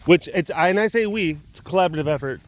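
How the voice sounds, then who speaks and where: This young podcast host from the Dallas-Fort Worth area of Texas rambles casually about his day, dropping into a soft voice when he talks to his pets. He speaks fast, in a high voice.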